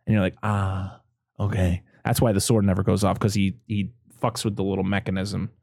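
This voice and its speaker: A man's voice: deep voice, little pitch movement, brisk, vocal fry, a little mellow, dry recording, clean studio sound. A man co-hosting a casual podcast, recapping a movie scene by scene, swearing freely and laughing often. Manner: profane, laughing, quotes characters. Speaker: podcast co-host.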